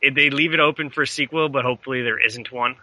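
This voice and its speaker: A man with a very bright, sharp voice runs through box office numbers in a relaxed, offhand way. The sound is dry and close, with no room around it. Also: medium pitch, fast, no echo, rough recording. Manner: reads figures in a relaxed, offhand way. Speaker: podcast co-host reading box office numbers. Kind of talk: casual chat.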